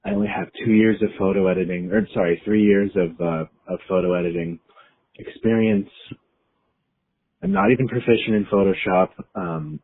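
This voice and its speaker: A man's voice: sits low, breathy edge. A man in his thirties leaving a rambling, nervous, self-doubting voicemail. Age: 30s. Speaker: caller leaving an anonymous voicemail. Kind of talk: confessional voicemail monologue. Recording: tinny phone voicemail line.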